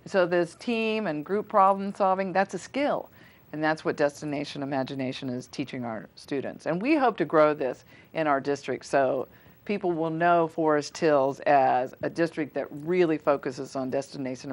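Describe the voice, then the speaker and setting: Woman in her forties, low voice, chatty guest with lots of "you know"s. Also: moderate pace. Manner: chatty, many fillers and restarts. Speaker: school foundation volunteer guest. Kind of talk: casual interview on local cable TV.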